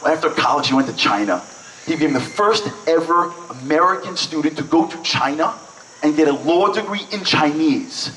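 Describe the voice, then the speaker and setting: A man from Brooklyn, telling lively, joking stories to an audience with lots of "like"s. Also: on the high side, moderate pace, a little hiss or hum. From Brooklyn, New York. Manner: lively, joking, chatty with many "like"s. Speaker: event speaker. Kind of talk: storytelling speech to an audience. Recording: echoey hall, mic at a distance.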